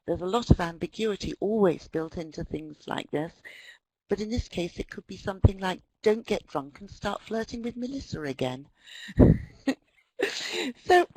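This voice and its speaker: A woman's voice: lowish voice, breathy edge, no room sound, rough recording. A woman presenting an online lecture on language, telling stories and acting out quoted speech. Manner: lively storytelling, acts out quotes. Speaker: webinar presenter.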